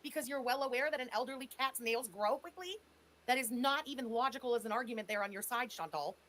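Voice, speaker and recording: A woman's voice: fairly high pitch, fast talker, a bit bright. A woman hosting a commentary show, reacting to a clip with sarcastic, incredulous remarks. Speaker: host, commentary channel.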